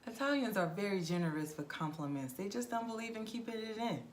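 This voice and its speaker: A woman's voice: medium pitch, fast, a little hiss or hum. Frank woman travel vlogger. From United States. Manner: frank, direct, animated with acted-out anecdotes. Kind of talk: casual advice monologue.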